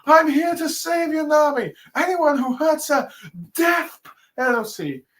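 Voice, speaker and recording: A man's voice: lively intonation, measured pace, a bit bright, exaggerated voice. A man doing a swooning, lovestruck cook. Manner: swooning, high-pitched and dramatic. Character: lovestruck young male cook, swooning and gallant.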